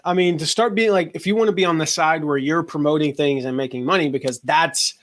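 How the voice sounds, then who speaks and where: A man in his forties, a guest on a podcast, telling lively stories and acting out the voices of people in them. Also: fairly high pitch, fairly quick. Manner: animated storyteller acting out quoted voices. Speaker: guest, affiliate marketing expert. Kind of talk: storytelling in a podcast interview.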